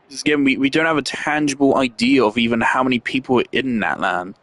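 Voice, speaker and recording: A man's voice: medium pitch, fast talker, fairly bright tone. A man giving casual, blunt commentary while playing a video game, swearing freely and laughing at himself. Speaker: gamer commenting on his playthrough.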